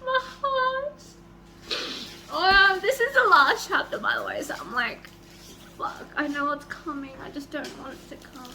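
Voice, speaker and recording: A young woman vlogging at home about a book she is reading, reading passages aloud and reacting with excited squeals and swearing. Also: unhurried, soft background music. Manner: gushing and excitable, swings into high squeals and swearing. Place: home, near a microwave.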